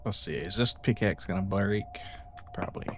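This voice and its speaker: A man's voice: low-pitched, moderate pace. A man streaming a game, chatting casually with laid-back, mumbled asides. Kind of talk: casual chat while gaming. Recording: hissy stream audio with clicks.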